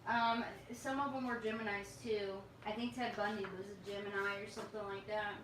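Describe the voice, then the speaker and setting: A woman hosts a relaxed dinner chat, rambling and giggling through her stories with plenty of fillers. Her voice is of middle pitch and sounds distant from the mic. The room around her is very echoey, with faint noise behind. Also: a little fast. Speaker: livestream host. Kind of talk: casual chat.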